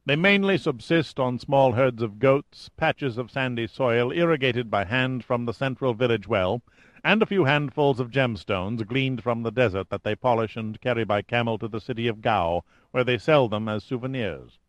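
A man's voice: mid-range voice, normal speed, no room sound, natural voice. A man voicing a self-assured ex-marine safari leader who speaks in clipped, rehearsed tones, read from a storybook.

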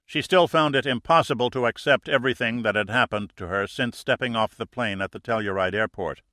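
A man narrating a thriller audiobook in a steady, measured way. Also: medium pitch, no room sound, clean studio sound.

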